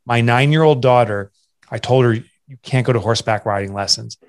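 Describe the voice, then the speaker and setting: A man's voice: mid-range voice, brisk. Earnest man sharing a hard story. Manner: earnest, confessional, restarts often. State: emotional, voice catching. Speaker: guest, entrepreneur and author. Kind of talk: candid interview storytelling.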